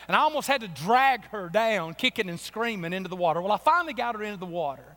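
High-voiced pastor, church reverb. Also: male voice, animated, quick pace, bright, forceful tone. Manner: folksy storytelling, rising into preaching emphasis. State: slightly hoarse from a cold. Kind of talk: sermon. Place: church sanctuary. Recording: long reverb of a church hall.

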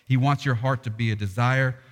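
A pastor preaching a sermon, earnest and plain, with voice rising into animated impressions. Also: male voice, mid-range voice, a little fast, big-room sound.

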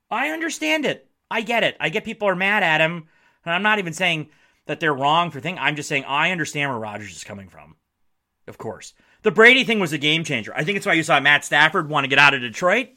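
Animated, blunt male podcast host. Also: high-pitched. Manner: animated, blunt, swears freely, acts out quotes. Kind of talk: casual sports commentary.

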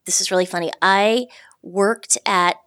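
A woman in her late forties appears as a podcast guest. She speaks candidly and plainly, a little nervous yet frank. Her voice sits at a middle pitch in relaxed conversation. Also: a little slow. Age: 40s. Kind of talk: casual interview chat.

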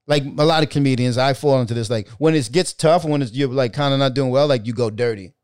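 A male comedian telling stories in a casual podcast chat, animated and swearing freely. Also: mid-range voice, fast talker, smooth, no room sound, studio quality.

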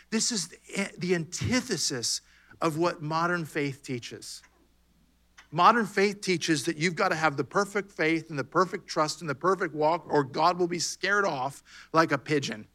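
A man preaching with a bright, forceful voice that sits a little high for a man. He talks conversationally and acts out short bits of dialogue as he makes his point. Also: animated, moderate pace. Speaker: pastor. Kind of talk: sermon.

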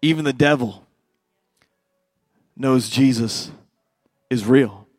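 A middle-aged man preaching a sermon as a pastor, swinging between loud fervent passages and quiet hushed ones. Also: mid-range voice, takes it slowly, dry recording.

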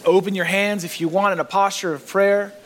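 Male pastor mid-sermon in church, earnest, lifts his voice on key phrases; a somewhat higher voice. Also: fairly even intonation, fairly quick. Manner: earnest preaching, rising emphasis on key phrases.

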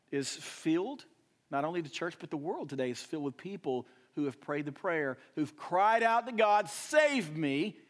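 A young adult male pastor with a voice on the high side preaches a sermon, swinging from loud, emphatic rises to hushed, quiet drops.

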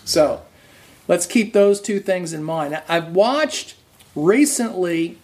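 A man preaching an earnest sermon, restarting phrases and slowing to stress key words. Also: high-pitched, lively intonation, a little mellow. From raised Roman Catholic.

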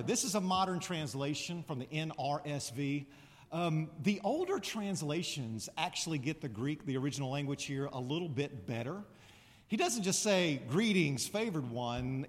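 A man preaching a sermon with a high, lively voice that rises and falls a lot. He keeps it chatty and then suddenly proclaims loudly. The sound carries a long reverb, as in a large church. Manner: animated, conversational with sudden loud proclamations. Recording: reverberant hall.

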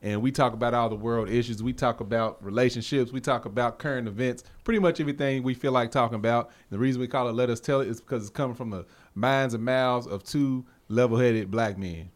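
A man's voice: mid-range voice, fast, hardly any pauses. A man with co-hosting a casual podcast, laid-back and joking, laughing often. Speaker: podcast co-host.

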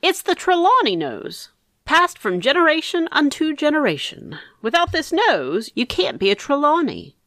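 An eccentric middle-aged uncle, as a woman puts him on, theatrical and flamboyant. His voice leaps through a very wide range with a bright edge. The sound is close and dry. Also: high voice, sing-song, moderate pace, no echo, pitched above the performer's own voice, exaggerated voice. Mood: jovial.

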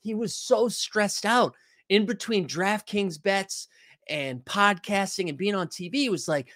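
A young adult man hosting a casual basketball live stream, talking loud and animated and answering the chat. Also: high voice, normal speed, dry recording, clean studio sound. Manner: loud, animated, yells often; reads and answers chat comments.

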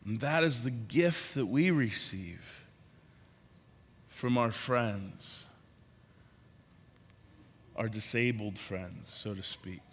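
A man preaching a sermon as a pastor, speaking in slow, pausing phrases that trail off softly at the ends. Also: lowish voice, husky, in a large hall.

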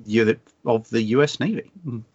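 A man's voice: medium pitch, moderate pace, a little mellow, lo-fi sound. A man hosting a podcast, making joking introductions in casual chat. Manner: jokey, laughing introductions. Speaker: podcast host.

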